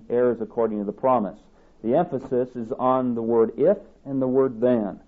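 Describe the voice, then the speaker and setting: A man preaches a little fast in a medium-pitched voice, reading scripture aloud. He hammers his points with emphatic repetition, and the recording is a tinny, phone-like sermon tape.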